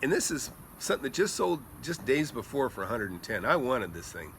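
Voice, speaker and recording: A middle-aged man telling rambling, animated stories as a real estate investor, chatting casually outdoors by a pool at night. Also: medium pitch, fairly quick, gravelly, a little hiss or hum. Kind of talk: casual storytelling vlog.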